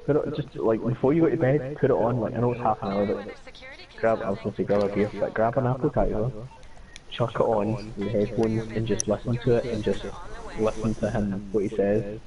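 A man's voice: lowish voice, brisk, distant mic, a crowd in the background, poor audio. Man telling a sweary story. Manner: animated, swearing, laughing storyteller. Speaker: streamer. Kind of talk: casual gaming chat.

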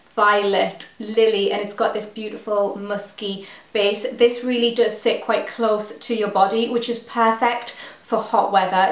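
A woman's voice: medium pitch, echoey room. An English woman vlogger reviewing fragrances to camera, gushing and enthusiastic as she lists scent notes one by one. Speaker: beauty vlogger.

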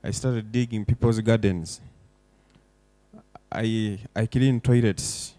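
Young man, low mellow voice, impassioned speechmaker building to forceful declarations, dry close sound. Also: steady tone, takes it slowly, no echo. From Uganda. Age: young adult. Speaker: foundation director giving a speech. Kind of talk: emotional public speech. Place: event hall.

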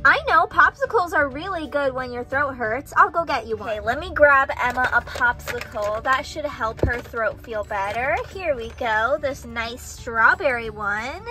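A woman playing the mommy in a doll play, talking gently and reassuringly. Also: high-pitched, normal speed, few pauses, soft background music.

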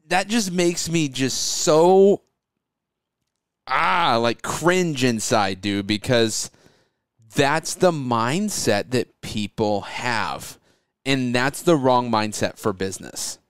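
A man's voice: medium pitch, expressive, slow, smooth, no room sound, clean studio sound. A man hosting a podcast, chatting in an easygoing way and laughing often. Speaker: podcast host. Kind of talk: casual podcast chat.

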